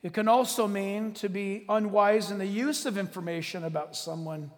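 A man preaching a sermon to his church, animated and joking, swinging between loud declarations and hushed asides. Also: high-pitched, normal speed, big-room sound. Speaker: pastor. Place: church hall.

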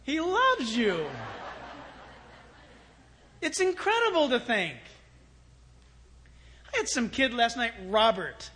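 High-voiced, animated male preacher. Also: slow pace, long pauses, slight background noise. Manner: animated, swings from loud exclamations to hushed storytelling. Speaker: pastor. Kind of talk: sermon.

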